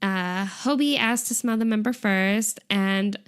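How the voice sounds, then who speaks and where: A woman's voice: medium pitch, a little slow, smooth. A young woman co-hosting a casual chat, retelling a show's events in a chatty way with frequent giggles and "like" fillers. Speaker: podcast co-host. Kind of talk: casual chat recapping a variety show.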